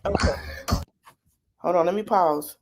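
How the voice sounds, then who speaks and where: A woman's voice: on the low side, measured pace, a little mellow. A woman hosting a live podcast stream, reacting to a video with blunt, sassy, mocking commentary full of slang. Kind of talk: livestream commentary.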